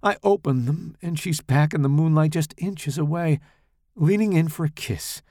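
A man reading his own first-person horror story aloud in a slow, dramatic, expressive way. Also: a little high, no room sound, studio quality.

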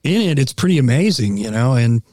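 A man's voice: medium pitch, very animated, a little fast, darkish tone, no room sound, clean studio sound. A man appearing as a podcast guest, explaining casually with lots of fillers and hedges. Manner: hedging, filler-heavy explaining. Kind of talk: casual conversation.

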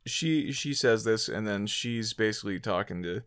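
A man co-hosting a casual movie chat, gravelly, rambling and hesitant with lots of fillers. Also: on the low side, lively intonation, normal speed, a bit bright, dry recording, clean studio sound. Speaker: podcast co-host.

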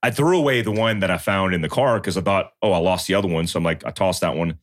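A man's voice: sits low, quick pace, no room sound, clean studio sound. A man in his thirties in casual chat, telling a story and acting out the quotes. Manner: storytelling, animated, acts out quotes.

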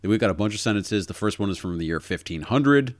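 A man with a very low voice talks through word history in a relaxed, easygoing way, calling his co-host "dude" and "man". The sound is dry and close, with no room around it. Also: quick pace, no echo. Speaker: podcast co-host. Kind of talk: casual chat about word history.

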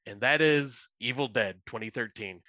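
Man, podcast co-host, bright tone, dry sound, lively storyteller. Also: medium pitch, normal speed, no room sound. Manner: animated storytelling, acts out quotes. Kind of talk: casual chat.

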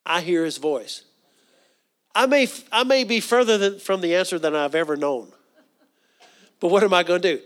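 A man's voice: high voice, normal speed, long pauses. A middle-aged man preaching a sermon. He often repeats words and asks the congregation questions. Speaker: pastor.

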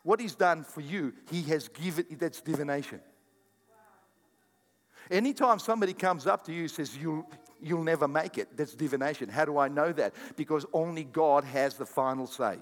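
An older man preaching a sermon as pastor, animated and jokey, often repeating his words. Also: a little high, moderate pace. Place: church hall. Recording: echoey church hall sound.

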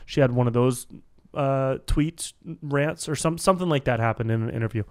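A man's voice: mid-range voice, expressive, fast, darkish tone, dry recording, clean studio sound. A man hosting a solo podcast, freestyling in a casual, rambling way, swearing freely and calling everyone dude, on a podcast microphone. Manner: casual, rambling, profane, says dude a lot. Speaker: podcast host.

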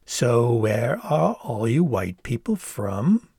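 A man's voice: medium pitch, sing-song, slow, warm tone, slightly rough, no room sound, studio quality, full character voice. A man voicing a flamboyant young man in a storybook reading, with a theatrical, sing-songy game-show delivery. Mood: playful. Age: young adult.

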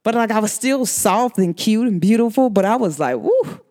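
A woman's voice: mid-range voice, lively intonation, fairly quick, darkish tone. A woman hosting an astrology show, chatting casually in a rambling, slangy way and laughing often. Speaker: astrology podcast host. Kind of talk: casual chat.

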